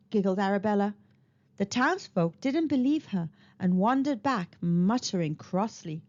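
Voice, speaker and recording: Woman reading a kids' storybook, high lively voice, kinda muffled lo-fi recording. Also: measured pace. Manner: expressive, animated. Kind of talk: children's picture book read-aloud. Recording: slightly dull lo-fi recording.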